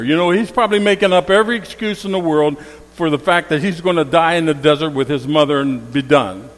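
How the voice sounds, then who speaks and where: A pastor with a slightly high, expressive voice preaches quickly, telling stories and acting out what people said. He repeats key phrases, his emphasis rising with each repetition. A long hall reverb hangs on the recording.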